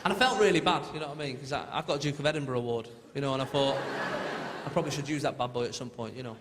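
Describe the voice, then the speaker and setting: Recorded live in a big theatre with long echo and a roaring, laughing crowd, a comedian tells chatty stories and imitates voices. He talks rapid-fire at a medium pitch, and the audio is very noisy.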